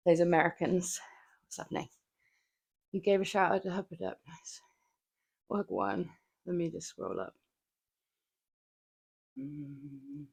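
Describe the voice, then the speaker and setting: Her voice is gravelly and fairly low-pitched. Working out on a livestream from her home gym, this woman chats casually with viewers between lifts, laughs frequently, and swears from time to time.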